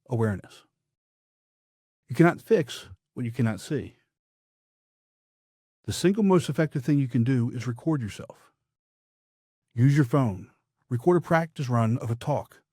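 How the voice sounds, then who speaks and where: Man, public speaking coach, husky tone, measured emphatic instruction. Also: mid-range voice, warm tone, dry recording, clean studio sound. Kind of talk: scripted podcast instruction.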